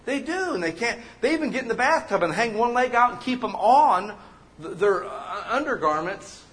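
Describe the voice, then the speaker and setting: A man preaching a sermon as pastor, animated and joking, acting out the people he quotes. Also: very high-pitched, normal speed.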